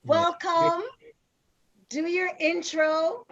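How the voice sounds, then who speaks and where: High-voiced playful woman host, lo-fi sound. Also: extremely slow. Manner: lively, playful, teasing. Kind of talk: casual live-stream chat. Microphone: video call. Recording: dull lo-fi audio.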